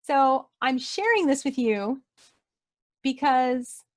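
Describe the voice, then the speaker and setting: High-voiced woman telling a testimony. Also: slow. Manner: animated, acts out quoted voices, emotional retelling. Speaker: storyteller sharing a personal testimony. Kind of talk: casual spoken testimony.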